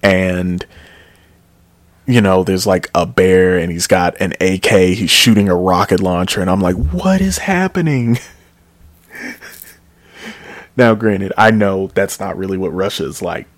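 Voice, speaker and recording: A man's voice: low voice, level tone, unhurried, pauses often, dry recording. A man giving a casual, rambling music review, full of fillers and restarts, enthusiastic about the songs. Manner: rambling, with frequent fillers and self-corrections.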